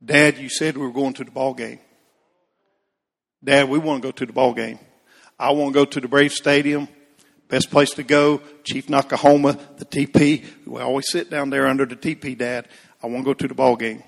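A man's voice: mid-range voice, flat delivery, moderate pace, gravelly, in a large hall. A man voicing his teenage self, an eager boy pleading insistently and repeating himself.

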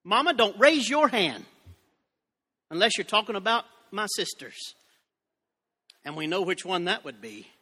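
A man's voice: high voice, sing-song, a little slow, pauses often, pushed and bright, long reverb tail. A man preaching a sermon, reading scripture and telling folksy, joking asides to his congregation. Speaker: pastor.

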